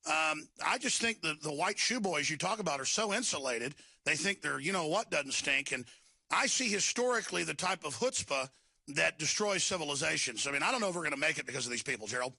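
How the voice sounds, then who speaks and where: A man's voice: on the high side, expressive, fairly quick, creaky, bright, forceful tone, dry recording. A man hosting an interview, speaking in an emphatic, alarmed way. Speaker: host.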